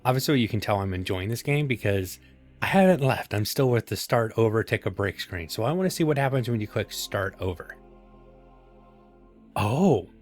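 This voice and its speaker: A man with a somewhat low voice narrates his own gameplay at home, thinking out loud as he goes. His talk is loose and self-deprecating, with relaxed asides. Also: a little fast, soft background music. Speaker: gaming channel host. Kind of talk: casual let's-play commentary. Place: home gaming setup.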